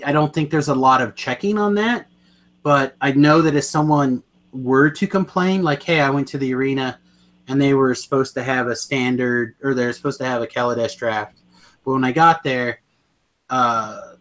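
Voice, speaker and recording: A man's voice: medium pitch, fairly bright tone. Rambling, enthusiastic male podcast co-host. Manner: rambling, self-correcting, enthusiastic. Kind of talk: casual chat about card games.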